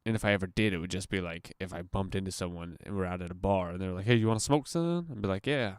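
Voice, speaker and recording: A man's voice: low voice, fairly even intonation, fast talker, clean tone, dry recording, studio quality. Crude, rambling young podcast guy. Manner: crude, profane and self-mocking, laughing at own jokes. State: high while recording. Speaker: solo podcast host. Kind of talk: rambling solo podcast monologue. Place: home, sitting on the floor. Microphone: computer mic.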